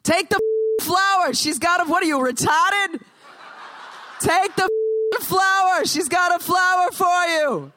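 A woman voicing a rowdy sidewalk bystander with a Boston accent, yelling at a passing stranger. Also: very high voice, a little slow, slight background noise, voice pushed up, full character voice. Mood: heckling. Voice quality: loud, brash heckling.

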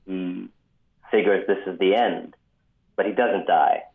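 Male author guest, low voice, measured with ums, phone-line audio. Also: steady tone, creaky. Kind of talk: radio interview storytelling.

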